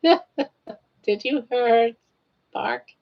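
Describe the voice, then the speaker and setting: A woman's voice: fairly high pitch, huge pitch swings, very slow, muffled recording. An older woman hosting a casual crochet live stream, chatting, teasing viewers and counting stitches aloud.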